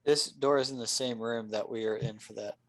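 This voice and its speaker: A man's voice: mid-range voice, steady tone, brisk, dry recording. A young man playing in a tabletop game, talking casually and full of "like" and restarts. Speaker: player.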